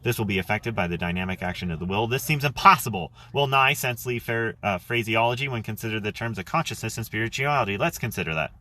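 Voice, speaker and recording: A man's voice: fairly low pitch, lively intonation, quick pace, few pauses, pushed and bright, no room sound. A man live streaming from his phone, reading aloud and then chatting casually, rambling and swearing freely. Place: outdoors.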